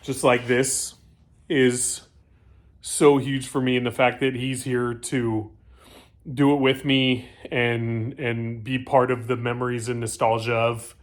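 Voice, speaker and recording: A man hosting a casual bike build vlog, excitable and joking, often stammering and restarting his sentences in a home workshop. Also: mid-range voice. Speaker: channel host.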